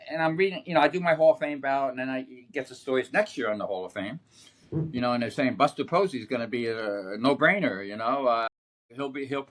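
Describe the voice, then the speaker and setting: An older man tells long, rambling stories as a podcast guest. He speaks at a middling pitch and grows animated, often restarting his sentences. The recording is a plain podcast setup. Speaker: sportswriter guest. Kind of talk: anecdotal podcast conversation.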